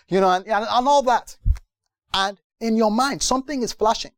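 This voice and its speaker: A man preaching to a congregation, his voice sitting a little high for a man. He swings between quiet, intimate passages and loud, emphatic rhetorical questions. The sound is close and dry, with no room echo. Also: a little fast, smooth. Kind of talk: sermon. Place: church gathering.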